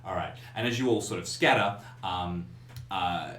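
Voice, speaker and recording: A man narrating a tabletop horror game as game master, halting with many fillers. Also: deep voice, a bit bright, reverberant.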